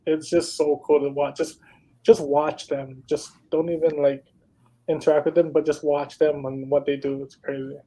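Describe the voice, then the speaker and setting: A man's voice: on the high side, flat delivery, normal speed, warm tone, low-quality recording. Rambling young man telling stories. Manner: rambling storytelling, many "like"s. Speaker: podcast co-host. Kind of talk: casual chat.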